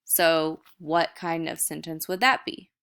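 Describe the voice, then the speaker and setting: A young woman teaching a recorded lesson, with a bright, crisp voice set a little low. She walks through each point step by step in easy, casual teacher talk. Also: level tone, slow.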